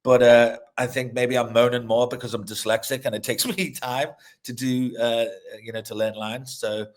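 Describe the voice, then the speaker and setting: A middle-aged film director and actor, here as a guest, speaks with medium pitch, fairly even intonation, and a moderate pace. The interview is casual chat in which he swears liberally, backtracks on sentences, and laughs mid-anecdote.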